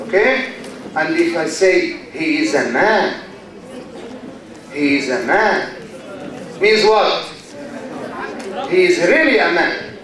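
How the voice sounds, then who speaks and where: A man with an Egyptian accent giving a university lecture, slow and deliberate, often quizzing his students with questions. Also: sits high, fairly bright tone. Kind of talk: classroom lecture. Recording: very echoey classroom, mic far from speaker.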